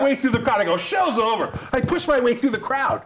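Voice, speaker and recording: A man's voice: very high-pitched, moderate pace, heavy background noise. A man, a stand-up comedian and guest, telling a road story and acting out the people in it. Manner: animated, acts out the people in his stories.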